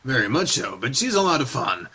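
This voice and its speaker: A man voicing a polite, gentle young male wolf who speaks softly and courteously. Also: medium pitch, very animated, a little fast, husky, pitched below the performer's own voice, full character voice. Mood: friendly. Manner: soft-spoken, courteous.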